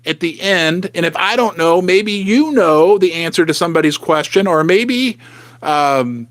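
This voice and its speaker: Animated high-voiced man hosting a livestream. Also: unhurried, no echo. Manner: animated, emphatic, talks straight to viewers. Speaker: livestream host. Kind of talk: live-stream commentary. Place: home basement.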